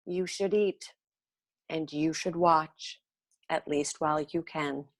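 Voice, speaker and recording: A grave, serious father speaks slowly and lower, as a woman storyteller quotes him. The words come out solemn and deliberate. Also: steady tone, dry recording. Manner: solemn and slow.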